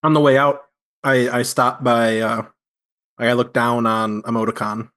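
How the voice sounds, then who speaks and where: Man, mid-pitched voice, easygoing tabletop player, lots of fillers. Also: unhurried. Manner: relaxed, filler-heavy. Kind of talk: casual tabletop game chat.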